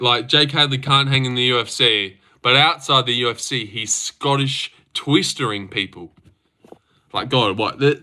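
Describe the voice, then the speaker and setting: A young man hosting a casual livestream, reacting to fights in a loose, sweary, excitable way into a desk mic. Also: mid-range voice. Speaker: livestream host.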